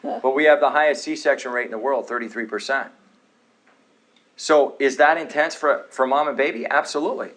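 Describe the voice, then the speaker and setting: A man's voice: medium pitch, brisk, a bit bright, low-quality recording. A man in his thirties teaching a live health class, talking to the room with joking, sarcastic asides and questions to the audience. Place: office classroom.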